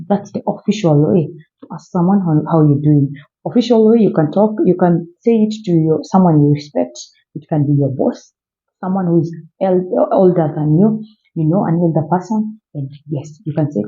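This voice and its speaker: A man's voice: fairly high pitch, moderate pace. A young man teaching basic phrases in a casual vlog, friendly and repetitive, calling his viewers guys. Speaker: language vlogger teaching French. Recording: dull lo-fi audio.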